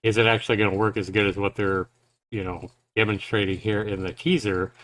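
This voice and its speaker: A man's voice: fairly low pitch, level tone, a little fast, a bit bright, slight background noise. A man giving casual live reaction commentary on a game trailer, thinking aloud in a loose, rambling way.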